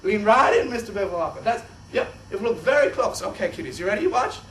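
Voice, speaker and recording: A young man presenting a kids' science show in an exaggerated, excitable host voice. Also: sits high, fast, a little hiss or hum. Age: young adult. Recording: echoey room, distant mic.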